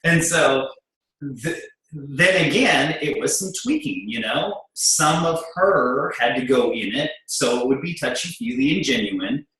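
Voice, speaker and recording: In a mid-range voice, a little slow yet with hardly any pauses, a middle-aged man candidly tells an audience about being in business with his wife. He's blunt and animated, acting out their quoted exchanges. The rough recording carries heavy reverb.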